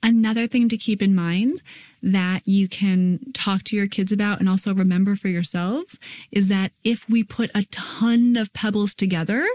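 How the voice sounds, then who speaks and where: A woman's voice: mid-range voice, steady tone, darkish tone. A woman in her thirties hosting a parenting podcast in a casual, chatty way, acting out children's lines. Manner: quick, chatty, acts out kids' lines.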